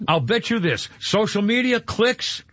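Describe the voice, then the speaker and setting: Man, radio show host, husky voice, jokey rambling banter, dull lo-fi broadcast. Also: high-pitched, very animated, unhurried, fairly bright tone, dry recording. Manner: rambling and jokey, many fillers and restarts. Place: radio studio.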